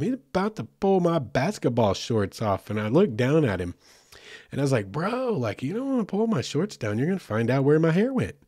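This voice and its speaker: A man's voice: mid-range voice, a little mellow, slightly rough, no room sound, clean studio sound. A man hosting a podcast, telling a road trip story in a loose, chatty way with many fillers and asides. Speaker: podcast host. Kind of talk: casual storytelling.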